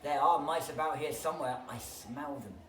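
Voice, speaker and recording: A reader putting on a sly, hungry storybook fox, loud and prying. The recording is echoey and distant, with background noise in the room. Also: medium pitch, normal speed, lightly acted.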